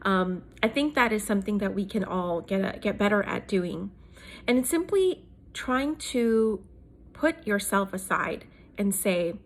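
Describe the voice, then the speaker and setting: A woman's voice: medium pitch, unhurried. Thoughtful woman musing with many fillers. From South Asia. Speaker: host. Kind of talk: casual talk on leadership.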